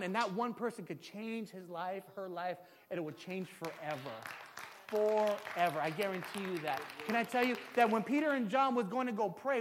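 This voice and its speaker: A man's voice: high voice, fairly bright tone, a little hiss or hum. A man in his forties preaching a sermon, telling stories and building to impassioned emphasis. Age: 40s.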